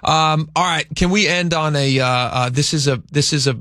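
A man's voice: on the high side, bright, forceful tone, dry recording, studio quality. A man co-hosting a show, chatting casually about news stories and thinking aloud. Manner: conversational, thinks aloud, reads a statement aloud slowly.

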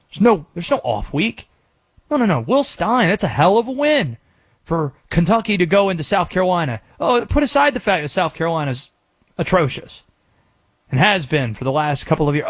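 A sports radio host with a higher-pitched voice rants about college football in a sarcastic, mocking tone. His voice swings widely as he jumps between impressions and indignation. It is an opinionated talk-show delivery. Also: big pitch swings, normal speed, a bit bright.

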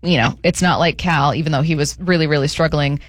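A woman's voice: low-pitched, brisk, no room sound. A woman hosting a sports radio show from a studio, talking in a chatty, bubbly way. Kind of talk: casual sports talk. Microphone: studio mic.

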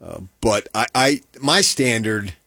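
A man co-hosting a sports talk show, joking wryly in a lively, animated way. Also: on the low side, slow, gravelly, slightly rough, dry recording, studio quality. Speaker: sports radio co-host.

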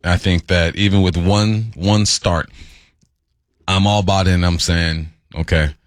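A man's voice: low-pitched, steady tone, takes it slowly, no echo, studio quality. A man co-hosting a casual sports talk show, emphatic and rambling. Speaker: co-host.

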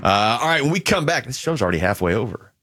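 A man hosting sports radio, joking and teasing in quick casual banter. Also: medium pitch, big pitch swings, pushed and bright, breathy edge, no room sound, studio quality.

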